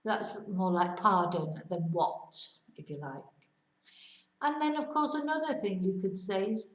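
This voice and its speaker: A middle-aged woman giving a casual, rambling lesson, slowing down to model Spanish phrases for learners. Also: medium pitch, big pitch swings, echoey room, recorded from a distance, rough recording. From United Kingdom. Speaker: Spanish teacher.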